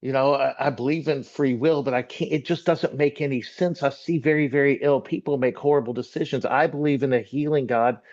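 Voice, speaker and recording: A man's voice: mid-range voice, fairly even intonation, a little fast, few pauses, darkish tone, lo-fi sound. A middle-aged man telling his personal testimony to a church, earnest and emotional, rambling with restarts. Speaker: church member sharing testimony.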